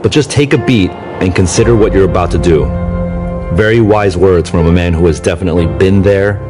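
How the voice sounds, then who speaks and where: Podcast host, male, low voice, measured scripted voice-over over a music bed.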